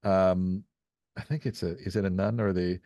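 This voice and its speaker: A man's voice: sits low, steady tone, moderate pace, creaky, warm tone, dry recording, studio quality. A man from Canada, a voice actor, talking as a podcast guest in a rambling, storytelling way, acting out little quotes as he goes. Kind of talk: casual podcast chat.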